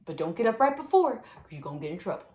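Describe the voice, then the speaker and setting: A young woman in her twenties casually telling stories and giving tips about basic training, chatty and animated with lots of fillers. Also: lowish voice, fast. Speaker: vlogger sharing Air Force basic training experience. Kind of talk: casual storytelling and tips to camera. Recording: echoey room.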